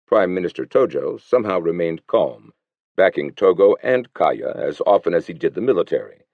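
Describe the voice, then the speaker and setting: A man with a very deep, creaky voice reads an audiobook in measured, scripted narration, his pitch lively throughout. The recording is dry and slightly dull.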